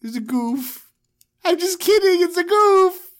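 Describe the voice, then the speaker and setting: A woman voicing Joseph, a grown man who goes from squealing joy to a gruff disguised voice and back. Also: steady tone, very slow, heavily acted. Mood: giddy. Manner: swings from gushing squeals to a put-on booming voice. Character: Joseph, grown man turned Pharaoh's theatrical manager.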